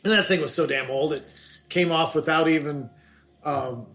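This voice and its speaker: A middle-aged man chats casually as a podcast guest, spinning long family anecdotes. His voice sits a little high for a man. He wanders and restarts, poking fun at himself as he goes. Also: moderate pace, a bit bright. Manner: rambling, self-deprecating, with many restarts. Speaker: podcast guest, the host's father. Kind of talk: casual storytelling chat.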